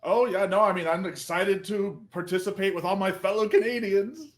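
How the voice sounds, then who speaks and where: A man's voice: sits high, moderate pace. A man doing comic variety patter on a livestream, in a goofy, joking manner. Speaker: comedy variety performer.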